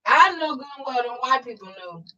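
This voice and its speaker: A woman's voice: high voice, expressive, a little fast, pushed and bright, highs cut off. A woman co-hosting a podcast, reacting bluntly and emphatically with casual profanity. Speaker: podcast co-host.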